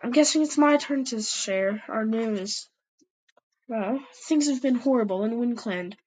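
A woman's voice: a little high, measured pace, darkish tone, slight background noise, close to an everyday voice, low-quality recording. A woman voicing a weary tom cat leader. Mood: grim. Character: weary male cat clan leader, peacekeeper. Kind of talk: amateur storytelling podcast.

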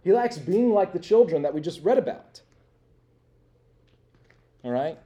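An unhurried young man with a high-pitched, mellow, expressive voice delivers a conversational sermon to students as a campus minister. He asks his listeners questions and uses plenty of "like" and "right?"

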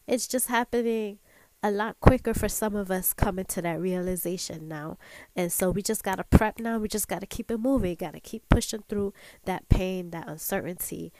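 Brief: woman host, heartfelt talk, slow unhurried delivery, dry close sound. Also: medium pitch, a little mellow, no echo, low-quality recording. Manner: earnest, preachy, building to emphatic peaks. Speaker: podcast host. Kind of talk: casual heartfelt monologue.

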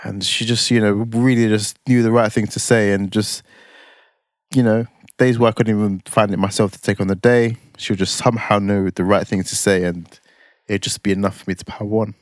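A man's voice: on the low side, level tone, fairly quick, dry recording. Man chatting with dry teasing humour. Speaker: podcast co-host. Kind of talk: casual chat.

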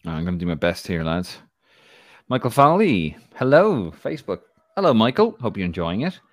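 Jokey Irish man with a low voice. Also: sing-song, moderate pace, no room sound, studio quality. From Ireland. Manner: jokey, rambling, laughs often. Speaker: podcast co-host. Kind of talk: casual live show chat.

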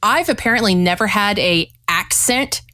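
A woman from Louisiana co-hosting a podcast, chatting in a lively, teasing and excitable way. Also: mid-range voice, moderate pace, no room sound, studio quality. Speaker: podcast co-host. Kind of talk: casual chat.

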